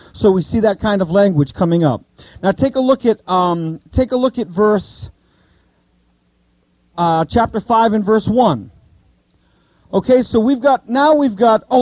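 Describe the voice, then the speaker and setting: A man teaching a Bible study to a group, asking the listeners questions and repeating key points slowly. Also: sits high, warm tone, dry recording, poor audio.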